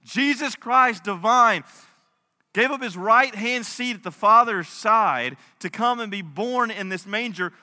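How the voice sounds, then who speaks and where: A man's voice: high-pitched, measured pace. Preaching man in a big reverberant hall. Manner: impassioned preaching, drops to soft storytelling tone. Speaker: pastor. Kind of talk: sermon.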